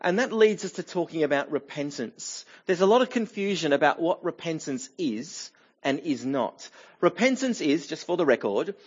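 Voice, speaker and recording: A man's voice: fairly high pitch, highs cut off. A middle-aged man preaching a sermon in a church, talking in a conversational way with many fillers and restarts. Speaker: pastor.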